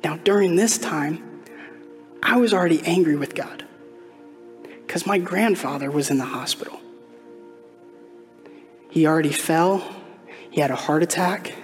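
Man, pastor, sermon, conversational storytelling, asks the congregation questions, soft music underneath, church sanctuary. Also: a little high, unhurried, long pauses. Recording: long hall reverb, faint music behind.

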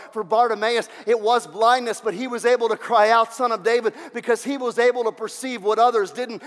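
A high-pitched male pastor preaching with fervor, hammering home each point through repetition. His voice rings out with the long reverb of a large church sanctuary. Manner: fervent, repeats phrases for emphasis. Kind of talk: sermon.

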